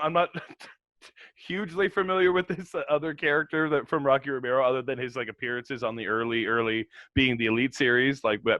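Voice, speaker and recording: A man co-hosts a casual wrestling podcast with a bright, forceful voice. He is chatty and laughs often, now and then tossing in a quick mock voice. The sound is dry and close. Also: mid-range voice, no room sound, highs cut off. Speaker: podcast co-host.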